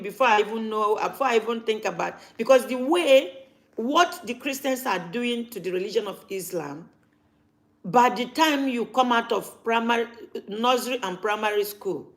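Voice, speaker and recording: A woman, talking casually to camera as a vlogger and repeating her points for emphasis. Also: mid-range voice.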